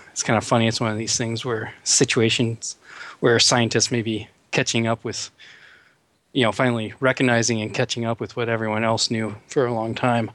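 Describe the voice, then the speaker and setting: A man's voice: mid-range voice, fairly bright tone, no room sound. A male neuroscientist explaining ideas as a guest in a casual interview, with many "you know" fillers.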